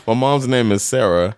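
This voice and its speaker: A man from Miami co-hosting a podcast in casual chat, telling stories with lots of laughter and jumping high when quoting others. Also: dry recording, studio quality. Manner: animated storyteller, jumps high when quoting people, laughs often. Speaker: podcast co-host.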